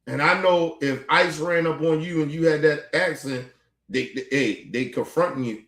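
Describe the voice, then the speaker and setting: A man rants through exasperated, profane reaction commentary on his stream. His voice sits somewhat high for a man. The room around him rings with echo. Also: normal speed, a bit bright. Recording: echoey room.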